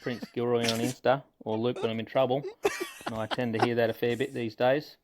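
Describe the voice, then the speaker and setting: A man's voice: mid-range voice, little pitch movement, brisk, heavy background noise. A man in a recorded voice message, ribbing a podcast's hosts in a jokey way. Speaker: listener sending a voice message.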